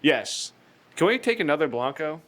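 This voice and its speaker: A man co-hosting a podcast, trading loud, profane banter and laughing often. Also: a little high, very animated, moderate pace. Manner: laughs a lot, swears freely. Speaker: podcast co-host. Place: indoors in a warm room.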